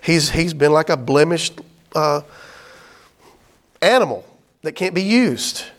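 A man teaching a Bible class, chatting casually and reading scripture aloud slowly. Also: fairly high pitch, expressive. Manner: conversational, explains with "right?" and "y'all", reads scripture aloud slowly.

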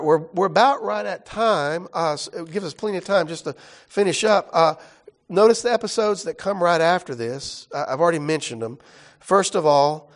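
Man teaching a conversational Bible class. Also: a little high. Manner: explains casually, often checks in with "right?".

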